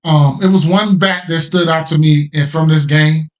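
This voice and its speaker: A man's voice: fairly high pitch, fairly even intonation, normal speed. A man hosting a sports betting podcast, talking through his picks in a loose, slangy way, often repeating himself and checking in with "right?". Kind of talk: casual betting picks talk.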